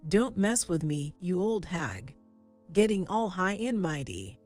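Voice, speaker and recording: A woman's voice: on the low side, big pitch swings, measured pace, faint music behind. A woman voicing a spiteful young wife in an audio story, talking sharply and insultingly.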